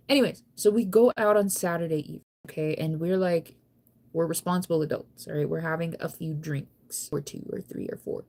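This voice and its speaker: A young woman talking casually to her camera, rambling through a story with constant "like" fillers and restarts. Her voice sits a little low for a woman. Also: a little fast, darkish tone. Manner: chatty, rambling, heavy use of "like". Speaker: vlogger.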